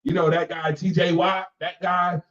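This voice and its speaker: Animated man ranting about sports, echoey. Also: high voice, normal speed. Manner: animated, emphatic, repeats lines for effect; laughs between remarks. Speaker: radio show host. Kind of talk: casual sports rant. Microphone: personal microphone. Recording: echoey, distant, dull mic sound.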